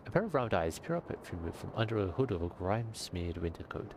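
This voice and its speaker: Low-voiced guy reading out a game story, pretty animated, faint hum behind. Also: quick pace. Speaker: game master and player. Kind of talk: narrating a video game.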